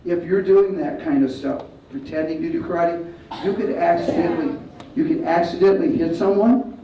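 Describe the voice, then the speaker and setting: A male martial arts instructor leading a school assembly, giving loud commands and calling for the kids to repeat after him. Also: on the high side, moderate pace. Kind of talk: school assembly talk with call-and-response. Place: large school hall or gym. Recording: echoey hall, distant, dull sound, faint crowd.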